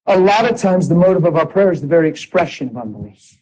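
A man preaching a sermon in an animated way, exhorting the congregation with asides. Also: on the high side, quick pace, dull audio.

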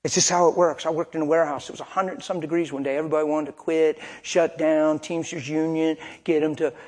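A man's voice: on the high side, little pitch movement, fast, darkish tone. A male preacher delivering a sermon in a folksy, colloquial and emphatic storytelling manner.

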